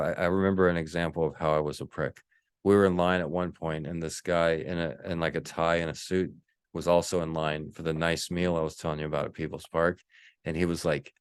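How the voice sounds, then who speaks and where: A man's voice: low-pitched, smooth, no echo, clean studio sound. A man hosting a podcast, telling a rambling personal story in a casual monologue, full of restarts and acted-out quotes. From Texas. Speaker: podcast host.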